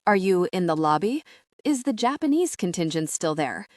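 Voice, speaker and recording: A woman's voice: on the low side, sing-song, normal speed, no echo, clean studio sound. A woman reading the lines of a bossy, bad-tempered businessman in an audiobook, curt and demanding as he barks orders.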